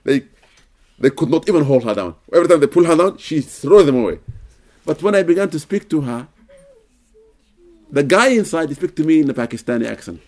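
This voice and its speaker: A man's voice: fairly high pitch, expressive, a little fast, pauses often, a little mellow. Earnest man teaching with frequent "okay?". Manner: earnest, repeats "okay?" to check understanding. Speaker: Islamic teacher answering questions. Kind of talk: casual religious Q&A talk.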